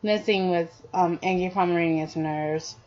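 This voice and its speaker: A woman's voice: lowish voice, moderate pace, a little mellow, lightly acted. A woman voicing an easygoing young hero guy. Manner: easygoing, hesitant, filler-heavy. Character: cheerful young male hero student. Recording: dull lo-fi audio.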